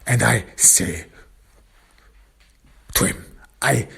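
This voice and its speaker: A man narrates a grim first-person crime tale, intense and hushed, often sliding into whispers. His voice is deep-set, husky and heavily gravelly. He takes his time over every phrase. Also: very slow. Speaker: storyteller.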